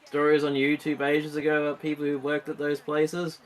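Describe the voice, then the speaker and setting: A man's voice: fairly high pitch, completely flat delivery, a little fast. Giggly rambling man. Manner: rambling, restarts often, giggly. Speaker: streamer co-host. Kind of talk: casual chat during a gameplay stream.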